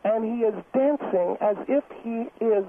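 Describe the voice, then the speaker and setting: A man's voice: extremely high pitch, unhurried, voice pushed up. A man voicing a defensive middle-aged woman dance teacher on a comedic phone-in, indignant and self-pitying. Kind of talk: comedic phone-in role-play. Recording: tinny phone line with noise.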